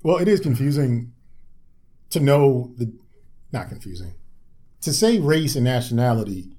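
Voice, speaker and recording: A man co-hosting a casual podcast, asking questions and thinking them through out loud, with some casual swearing. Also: mid-range voice, lively intonation, normal speed. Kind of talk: casual chat.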